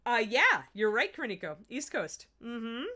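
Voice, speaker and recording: A woman's voice: a little high, big pitch swings, measured pace, sharp tone. A woman from the US Midwest hosting a miniature painting livestream, chatting to viewers as she works. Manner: chatty, talks while working, restarts sentences. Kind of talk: livestream painting tutorial, answering chat.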